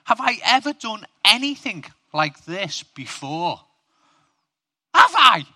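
A preacher voicing an indignant, pleading male talking donkey in a high, whiny voice. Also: big pitch swings, slow pace, bright, forceful tone, no room sound, studio quality, exaggerated voice.

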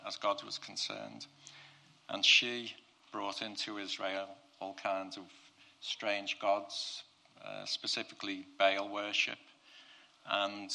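A man preaching a sermon, telling a Bible story in a conversational way and swinging from quiet, low passages to loud, excited ones. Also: gravelly.

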